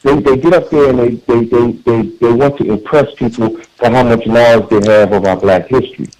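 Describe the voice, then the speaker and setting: A man's voice: medium pitch, fairly even intonation, moderate pace, darkish tone, rough recording. Earnest man calling in to radio. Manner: earnest, emphatic, with repeated words and restarts. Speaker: caller. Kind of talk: call-in radio talk.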